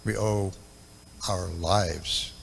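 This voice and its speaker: A man's voice: deep voice, fairly even intonation, extremely slow, vocal fry, a little hiss or hum. A man in his seventies giving a devotional talk at a temple, telling stories from memory in a reflective way with many ums and uhs. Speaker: temple speaker. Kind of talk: reminiscing devotional lecture.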